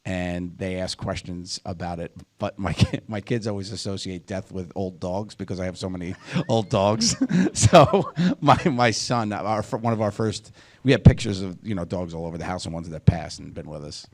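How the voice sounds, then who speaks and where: Low-voiced man telling family stories. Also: normal speed, few pauses. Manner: animated, laughs often, acts out quotes. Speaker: guest. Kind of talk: casual conversational storytelling.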